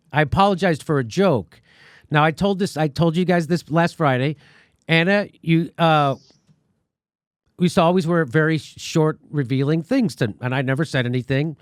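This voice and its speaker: A man's voice: on the high side, dry recording, clean studio sound. A man hosting a commentary show, telling a story in a sarcastic, indignant way. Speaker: host. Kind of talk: casual commentary.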